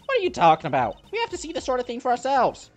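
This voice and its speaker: A man doing a high, snappy grumpy girl detective. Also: wildly swooping pitch, racing, heavily acted. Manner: snappy and scolding. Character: grumpy, bossy young woman detective. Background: faint game music.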